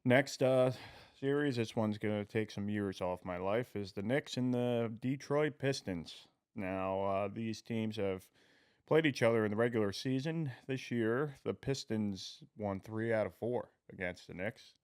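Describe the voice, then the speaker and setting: A young man co-hosting a sports podcast, talking in a relaxed, hedging way with lots of fillers. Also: fairly low pitch, a little slow, smooth, no echo, clean studio sound. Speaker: podcast co-host. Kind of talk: casual sports chat.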